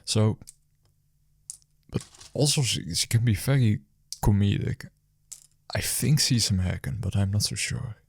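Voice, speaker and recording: A man's voice: on the low side, a little slow, breathy edge. A man who works as a food delivery rider, casually telling a story after his shift in a rambling, hesitant way full of fillers and restarts.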